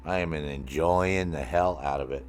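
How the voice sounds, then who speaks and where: A man's voice: a bass voice, a little slow, slight background noise. A middle-aged man streaming a game, rambling and joking with his chat in a casual, profane way.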